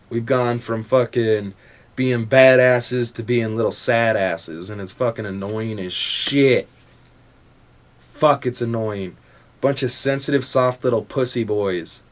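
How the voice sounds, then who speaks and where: A young adult man hosting a motivational podcast in a casual, profane, confrontational rant. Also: medium pitch. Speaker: podcast host.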